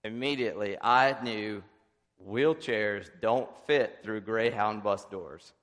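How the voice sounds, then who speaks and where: A man's voice: fairly low pitch, slow. Man preaching a testimony in a hall. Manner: animated storytelling with frequent restarts. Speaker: visiting evangelist. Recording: long reverb in a hall.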